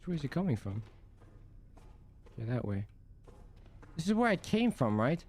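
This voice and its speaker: A man's voice: medium pitch, big pitch swings, normal speed, a little mellow, slight background noise. A young man commenting on a game he is playing, jumpy, cursing and talking to himself. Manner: jumpy, swears, talks to himself. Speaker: gameplay streamer. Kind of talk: let's play commentary.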